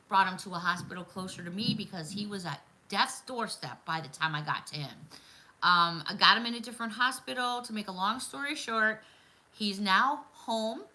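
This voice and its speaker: On a roughly recorded livestream, a middle-aged woman with a mid-range voice chats casually with her audience. She's warm and talkative, laughing frequently and calling out viewers by name.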